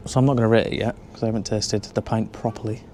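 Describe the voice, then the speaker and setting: A man's voice: fairly low pitch, steady tone, fast, dark tone, slight background noise. Dry-humoured man vlogging. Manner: dry, joking pub reviews. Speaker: travel vlogger. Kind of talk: casual vlog chat. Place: pubs and streets, in and out of doors.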